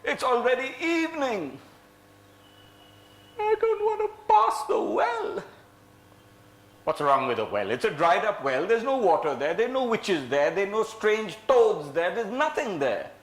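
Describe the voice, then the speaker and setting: A man telling a folk tale to a live audience with dramatic flair, swinging between loud and soft and leading the listeners in acting it out. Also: high voice, normal speed, few pauses. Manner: dramatic, lively, shifts loud and soft, acts out lines; leads the audience in play. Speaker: storyteller. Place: indoor venue before a live audience. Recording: echoey room.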